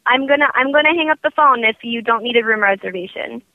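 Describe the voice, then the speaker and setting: A woman's voice: on the high side, quick pace, no echo. Impatient woman on a tinny phone line. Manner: impatient, businesslike. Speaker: hotel reservation clerk. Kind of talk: recorded prank phone call.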